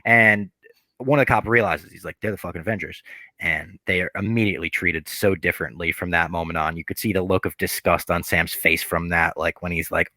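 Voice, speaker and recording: Low-voiced man recapping with gusto. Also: brisk, dry recording. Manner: animated retelling, acts out quoted characters. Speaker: podcast co-host. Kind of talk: casual episode recap.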